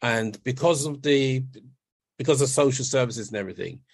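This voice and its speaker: A man's voice: mid-range voice, normal speed, no echo, clean studio sound. A middle-aged man, a podcast guest, recounting his past steadily and checking in with "right?". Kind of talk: conversational storytelling.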